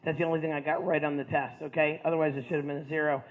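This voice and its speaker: A man's voice: fairly high pitch, little pitch movement, very fast. A man from the Ohio Valley telling a story to an audience, casual and rambling, self-mocking, with lots of filler words. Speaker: speaker. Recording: tinny phone-like sound.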